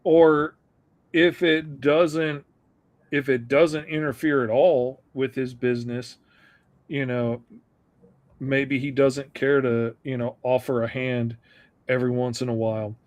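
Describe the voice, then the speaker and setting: A man co-hosting a live stream, who talks in a halting way and searches for his words. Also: medium pitch, level tone, a little mellow. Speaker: co-host. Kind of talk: casual live-stream chat.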